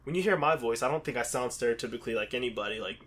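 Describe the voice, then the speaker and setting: Guy from pittsburgh just chatting, rambly, says like a lot, average pitch. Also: rapid-fire, fairly bright tone. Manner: rambling, many fillers and restarts. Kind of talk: casual chat.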